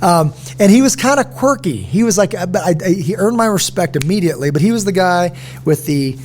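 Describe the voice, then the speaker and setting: Here the middle-aged host's voice is high and his pace brisk. He keeps the podcast chat casual, spinning lively stories and acting out what people said.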